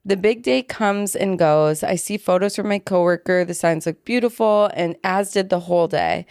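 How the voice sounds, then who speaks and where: A young adult woman co-hosting a podcast, chatting casually and reading listener stories aloud in a relaxed, offhand way. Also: lowish voice, normal speed, clear, resonant tone, no room sound, studio quality. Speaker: podcast co-host.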